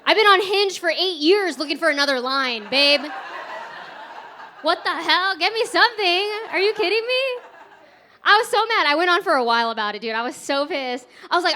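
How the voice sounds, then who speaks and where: A woman's voice: very high voice, animated, moderate pace, sharp tone. A woman from Texas performing a stand-up set at a comedy club, chatty and self-mocking, laughing through her punchlines. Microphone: handheld stage mic.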